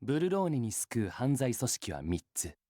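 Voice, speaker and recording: A grave official reads a report on a crime-ridden city, as a man narrates a game's opening. The telling is solemn and measured, with a lively rise and fall in pitch. The sound is dry and close, with no room around it. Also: no echo, lightly acted. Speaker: game narrator. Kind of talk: scripted dramatic narration.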